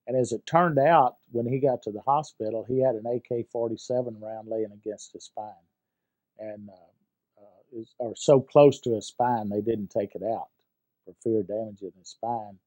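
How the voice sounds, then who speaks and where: An older man recalling his war experiences in a halting way, with many fillers and repeated words. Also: lowish voice, steady tone, warm tone, low-quality recording. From United States. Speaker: veteran interviewee. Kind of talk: personal war recollection.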